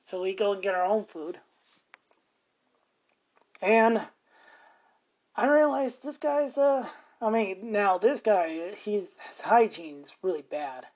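A man's voice: high voice, a little mellow. A middle-aged man hosting a podcast, telling stories in a rambling, profane way and chuckling often. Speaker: podcast host. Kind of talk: casual storytelling monologue.

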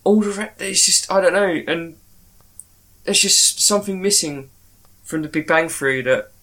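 A man co-hosting a podcast chat, with a voice that sits a bit high. He gives opinionated views and rambles, restarting his sentences. It is casual and unscripted. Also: normal speed, pushed and bright. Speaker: podcast co-host.

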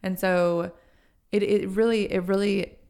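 A woman's voice: mid-range voice, fairly even intonation, a little slow, darkish tone, smooth. A young woman co-hosting a podcast, chatting casually and rambling, often restarting her sentences and acting out quotes. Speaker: podcast co-host. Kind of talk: casual chat.

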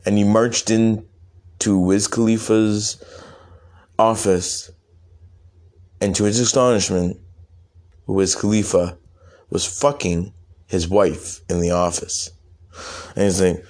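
A young man improvising a rambling, profane comic story, with halting restarts. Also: fairly low pitch, little pitch movement, darkish tone.

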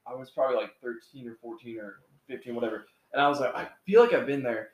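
Fast-talking man in casual chat. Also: mid-range voice. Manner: quick, chatty recollection. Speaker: podcast co-host. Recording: roomy echo.

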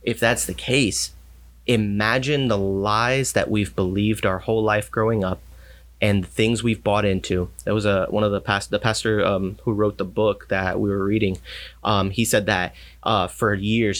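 A pastor in casual conversation, telling stories and acting out the people in them. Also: male voice, on the low side, flat delivery, normal speed, fairly bright tone. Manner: storytelling, acts out quoted voices. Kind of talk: casual faith talk.

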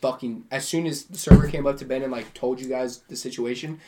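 A man co-hosting a podcast, chiming in with excited slang in casual chat. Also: mid-range voice, a little fast, very noisy. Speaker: podcast co-host.

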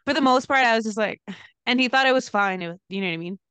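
Young woman, podcast co-host, casual storytelling, smooth voice, dry room. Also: quick pace, no room sound. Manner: animated storyteller, lots of "like", laughs into high pitch.

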